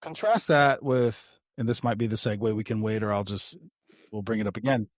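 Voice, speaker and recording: Man, podcast co-host, casual rambling storyteller, swears now and then, lowish voice, dry close sound. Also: a little fast, dry recording. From United States.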